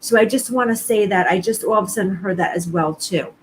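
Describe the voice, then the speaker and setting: A woman's voice: mid-range voice, brisk, slight background noise, low-quality recording. A woman psychic medium doing a live-streamed reading, talking to viewers in an earnest, reassuring way and often repeating herself.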